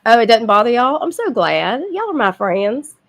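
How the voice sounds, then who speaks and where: A woman's voice: on the high side, very animated, moderate pace, fairly bright tone. A woman, sick with a cold and sniffling, hosting a livestream in casual, blunt, profane chat with her viewers. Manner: blunt, profane, chatty with frequent asides. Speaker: livestream host.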